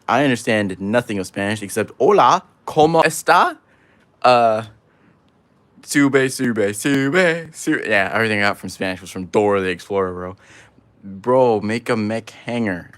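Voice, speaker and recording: A man's voice: fairly low pitch, fairly quick. Rambling man on a livestream. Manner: rambling, jokey, reads chat aloud. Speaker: livestream host. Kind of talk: casual livestream chat while building.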